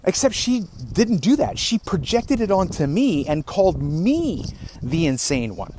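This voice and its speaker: A man telling a story in a casual monologue, animated and exasperated. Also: high voice, measured pace. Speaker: podcaster. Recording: noisy home recording.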